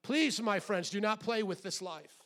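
A middle-aged man with a notably high voice preaches a sermon in a church. He drops to a hushed, low delivery and then builds to loud, shouted exhortation. He questions the congregation directly. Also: expressive, moderate pace. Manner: acts out quoted voices, asks the congregation questions. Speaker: pastor.

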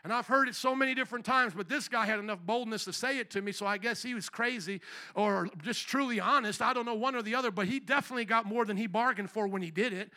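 A middle-aged man preaching a sermon as pastor, fiery and often shouting as he builds. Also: high-pitched, quick pace. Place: church sanctuary.

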